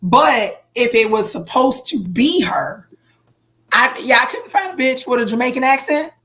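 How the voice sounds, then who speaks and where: A woman's voice: on the high side, measured pace. A woman co-hosting a casual music podcast, telling stories with lots of fillers and restarts. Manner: animated storyteller, frequent fillers and restarts. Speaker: podcast co-host. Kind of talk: casual chat.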